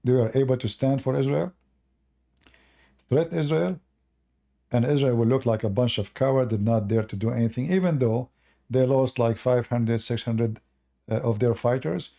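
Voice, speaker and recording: Guy chatting loosely on a stream, gravelly, kinda dark voice, lots of uh and you know. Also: medium pitch, normal speed, pauses often. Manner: rambling, many fillers and restarts. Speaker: religious commentator answering viewers. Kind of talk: casual livestream chat.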